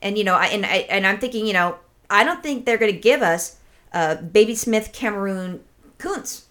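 A woman co-hosting a casual podcast tells a story with lots of energy, swearing freely and mimicking the callers in it. Her voice is mid-range and she speaks at normal speed.

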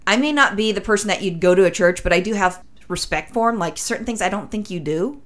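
Talking fast at a medium pitch, a woman rambles through a lengthy story on a casual podcast. She brings it to life by performing other people's lines.

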